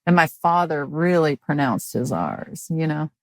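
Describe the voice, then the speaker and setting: A woman in her fifties from Mississippi, a comedian chatting as a guest in an interview in a dry, halting way, full of restarts and fillers. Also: low voice, animated, no room sound. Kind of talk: casual interview chat.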